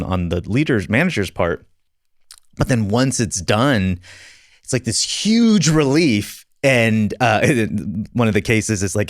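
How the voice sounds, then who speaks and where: A man's voice: on the low side, no room sound, studio quality. A man hosting a podcast conversation, telling stories in a casual, self-deprecating way and laughing often. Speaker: podcast host.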